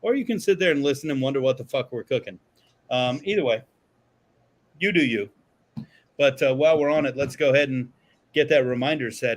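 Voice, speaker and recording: A man co-hosting a podcast in casual chat, joking and excitable, swearing freely. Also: medium pitch, a little fast. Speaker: podcast co-host. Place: podcast studio.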